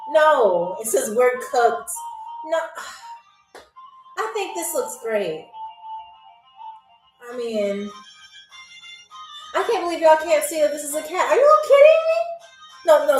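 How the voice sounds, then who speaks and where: A woman hosting a live-stream game show, chatting with viewers in a playful, teasing, sarcastic way. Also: sits high. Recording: echoey room.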